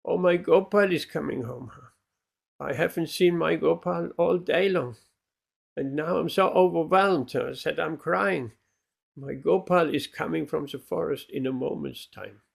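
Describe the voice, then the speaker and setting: A man's voice: fairly high pitch, measured pace, vocal fry, heavily acted. A man playing a tearful old cowherd. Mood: yearning. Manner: tearful, yearning. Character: old male cowherd, weeping with longing.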